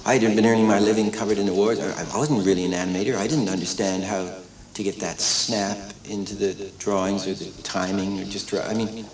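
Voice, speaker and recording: An older man, an animator and director, telling stories in a documentary interview with lively acting-out of quotes and many restarts. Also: on the low side, a little fast, hardly any pauses. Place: animation studio. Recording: echoey room, distant mic, crowd noise.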